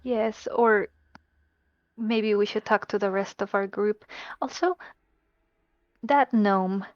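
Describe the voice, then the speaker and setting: A woman player speaking in character during a tabletop role-play game, in a playful, drawn-out way. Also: mid-range voice, no echo, highs cut off.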